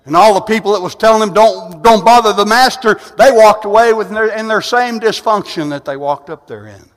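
A man preaching a sermon. He moves between quiet, conversational asides and loud, rising, drawn-out preaching. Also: high-pitched. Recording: long hall reverb.

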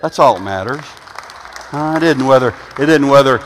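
A man in his sixties preaching an informal sermon, rambling and conversational with frequent "huh?" asides, swinging from quiet, low musing to loud, emphatic bursts. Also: lively intonation, moderate pace, a faint crowd, a little hiss or hum. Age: 60s. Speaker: pastor. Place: church sanctuary. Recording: reverberant church hall.

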